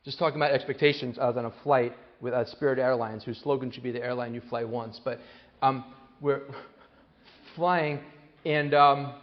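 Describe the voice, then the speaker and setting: A man giving a parenting talk to an audience, telling lively stories and acting out the voices of the people in them, with many restarts. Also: mid-range voice, normal speed. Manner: animated storyteller, acts out quoted voices, many restarts. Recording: long hall reverb, dull lo-fi sound.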